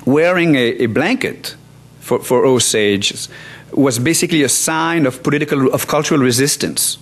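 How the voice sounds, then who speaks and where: Man, 60s, from France; academic conference speaker, halting, wry. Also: mid-range voice. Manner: halting, many restarts and fillers, wry asides. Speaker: law professor. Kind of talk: conference talk. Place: conference hall.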